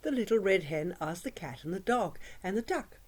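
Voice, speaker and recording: A woman telling a children's story in an expressive, sing-song way, dropping to hushes for drama. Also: medium pitch, normal speed, breathy edge. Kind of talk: oral storytelling for young children.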